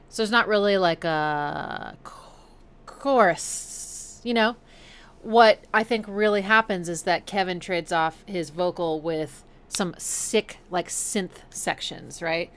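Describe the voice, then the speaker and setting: A woman's voice: lowish voice, unhurried, fairly bright tone, clear, resonant tone. A woman hosting a music livestream, analyzing songs in an enthusiastic, chatty way and scatting rhythms aloud. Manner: chatty with frequent fillers. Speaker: music reaction streamer.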